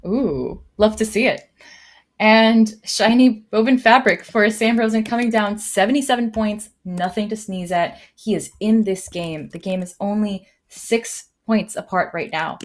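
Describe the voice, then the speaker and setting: A woman giving live commentary on a board game, thinking aloud with many fillers and lively jumps in her voice. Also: medium pitch, unhurried. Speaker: tournament commentator.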